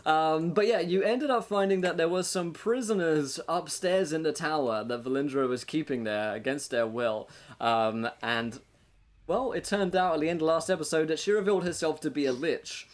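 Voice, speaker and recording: A man hosting a tabletop game stream as game master, talking in a casual, upbeat monologue that is full of fillers and quick laughs. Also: on the high side. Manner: upbeat and chatty, laughing between thoughts, many filler words. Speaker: game master and show host.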